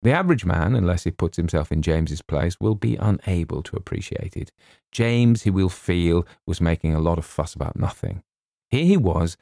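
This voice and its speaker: A man narrating a comic story in a measured, wry manner. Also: sits low, gravelly, warm tone, no echo, studio quality. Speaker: audiobook narrator.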